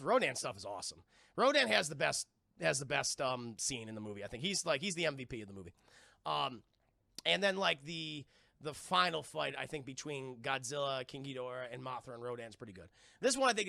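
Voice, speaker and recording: A man giving an excitable, profane live-stream film review, talking straight to his chat and acting out scenes. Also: fairly high pitch, vocal fry, dry recording, studio quality.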